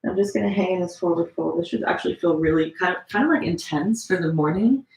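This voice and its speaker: Chatty woman guiding a gentle yoga class. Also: fairly low pitch, fast talker. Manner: relaxed, chatty cueing with many fillers; demonstrating poses while talking. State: slightly strained while holding poses. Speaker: yoga teacher. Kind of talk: live-streamed yoga class instruction. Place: room at home. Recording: echoey room.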